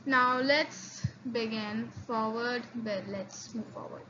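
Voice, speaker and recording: High-voiced woman teaching a lesson. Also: pushed and bright. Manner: halting, many fillers and repeats; slow drilled repetitions of sounds. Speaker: language teacher. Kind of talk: online language lesson. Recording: slightly dull lo-fi audio with faint noise.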